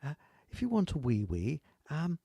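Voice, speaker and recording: A man doing a prim mother who lectures her small son patiently, in a gravelly, creaky voice. The pitch rises and falls freely, and the sound is close and dry. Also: wildly swooping pitch, normal speed, dark tone, no room sound, exaggerated voice. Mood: admonishing. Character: prim English mother, adult woman, correcting her child.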